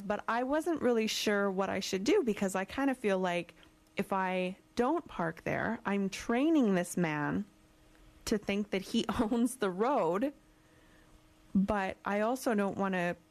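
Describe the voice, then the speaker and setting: A woman hosting a radio show, telling a casual anecdote with frequent restarts. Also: medium pitch. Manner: chatty, hesitant restarts. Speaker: radio host.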